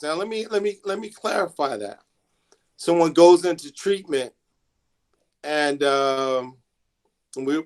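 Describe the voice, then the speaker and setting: Halting man, slightly raised pitch. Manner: halting, many restarts and fillers. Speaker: student assistance coordinator. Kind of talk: classroom talk to students.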